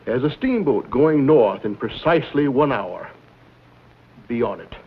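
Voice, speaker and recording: An actor playing a smooth, scheming villain who speaks with formal politeness and veiled threats, in a 1950s TV western drama. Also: male voice, medium pitch, expressive, a little slow. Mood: smooth menace. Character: smooth scheming male villain, menacing behind polite manners. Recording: dull old TV soundtrack with faint hiss.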